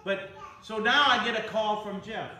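A man pastor telling stories in a sermon, excitable and building up to shouts. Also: high voice, moderate pace. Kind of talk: storytelling sermon. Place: church. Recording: echoey sanctuary from far off, faint noise.

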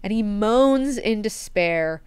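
A woman hosting a book club in a chatty, animated way with plenty of swearing. Her voice sounds very crisp and clear. The recording is dry and close. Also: mid-range voice, takes it slowly, no room sound. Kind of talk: casual book discussion.

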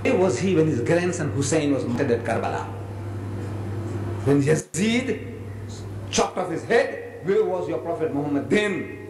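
A man's voice: a little high, expressive, normal speed, long pauses, darkish tone, lightly acted. A man voicing an impatient priest who insists and exclaims in a debate. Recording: echoey archive hall recording, noisy.

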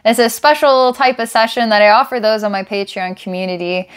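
A woman's voice: on the high side, fairly quick, clear, resonant tone. A young adult woman, a psychic reader, talking casually and thinking aloud as she gives an online reading. She is enthusiastic and laughs often.

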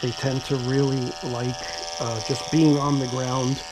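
A dog groomer chats casually with viewers through a grooming tutorial, his medium-pitched voice unhurried and fairly flat. He's recorded on a GoPro camera mic in a grooming salon, with electric clippers buzzing loudly in the background.

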